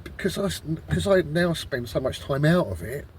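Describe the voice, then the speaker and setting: A man's voice: fairly high pitch, very animated, normal speed, a little hiss or hum. A man vlogging outdoors in a wood, rambling in an exasperated way, swearing a lot and restarting his sentences. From Britain. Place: woodland outdoors.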